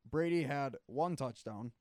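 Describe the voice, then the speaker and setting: A man in a casual sports debate who is losing his voice, animated, often clearing his throat and restarting his sentences. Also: mid-range voice, measured pace, no echo. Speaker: sports talk co-host.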